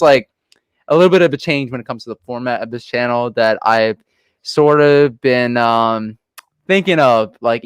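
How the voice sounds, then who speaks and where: A man hosts a casual sports talk stream from home, chatty and upbeat. His voice is smooth and resonant. The sound is dry and close, with no room around it. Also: medium pitch, no echo. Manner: chatty, upbeat sign-offs. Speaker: host.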